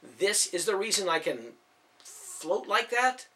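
A man's voice: high-pitched, very animated, slow pace, bright, forceful tone, pitched above the performer's own voice, full character voice. A man voicing an earnest young hero. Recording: voice from a distance off mic.

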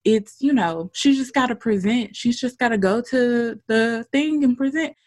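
A woman co-hosting a casual chat, telling a work story with animated delivery, swearing and acting out quotes. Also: a little high, normal speed.

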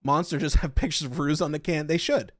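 A man from Western Pennsylvania hosting a podcast, chatting casually with his viewers in loud, profane, excitable rants. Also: fairly high pitch, fast talker, dry recording, studio quality. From Western Pennsylvania, USA. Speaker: podcast host. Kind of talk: casual chat with live chat.

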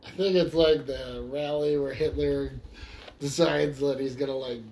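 A man's voice: medium pitch, steady tone, unhurried, a little mellow, a little hiss or hum. A man co-hosting a casual podcast in a laid-back, agreeable way, tossing questions to his partner. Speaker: podcast co-host.

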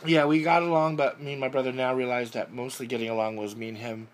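A man's voice: mid-range voice, flat delivery, fast talker. A middle-aged man from Southern California, telling his life story in a rambling, self-correcting way during a casual interview. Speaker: interview guest.

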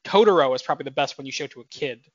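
A man's voice: mid-range voice, lively intonation, rapid-fire, no echo. A man in his twenties co-hosting a podcast in casual chat, rambling with lots of fillers and self-corrections. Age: 20s. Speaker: podcast co-host. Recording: dull, dry podcast mic audio.

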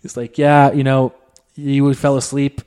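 A man's voice: medium pitch, flat delivery, a little slow, mellow, clear, resonant tone. A man co-hosting a podcast, telling a story in casual chat, acting out the quotes and swearing freely. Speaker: podcast co-host.

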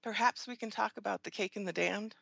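A woman's voice: medium pitch, steady tone, fairly quick, creaky, fairly bright tone, slightly rough, dry recording, pitched above the performer's own voice, full character voice. A woman reading an audiobook, voicing a timid, nervous young woman who speaks hesitantly.

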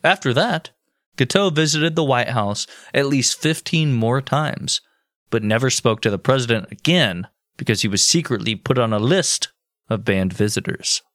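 A man's voice: mid-range voice, normal speed, no room sound. Guy narrating history on a podcast, bouncy voice, dead dry mic, cursing casually. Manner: swearing, animated, deadpan jokes. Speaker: podcast co-host. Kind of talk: casual storytelling chat.

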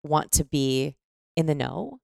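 Low, gravelly-toned woman, animated podcast explainer, dry close sound. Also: takes it slowly, dry recording. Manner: animated, demonstrates voices mid-explanation.

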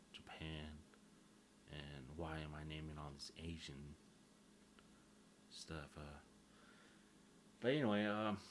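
A man's voice: sits low, a bit bright, a little hiss or hum. A man, rambling through a casual solo monologue, crude and joking, swearing freely and poking fun at himself.

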